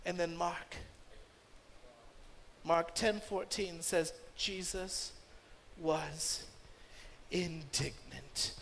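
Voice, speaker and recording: A man pastor preaching a sermon emphatically, with loud stresses that drop into hushed asides. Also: very high-pitched, a little hiss or hum. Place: church sanctuary. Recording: long church-hall reverb.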